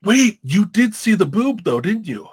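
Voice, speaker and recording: A man's voice: high voice, very animated, unhurried, breathy edge. A man reviewing a movie in casual chat, rambling, laughing often and acting out scenes.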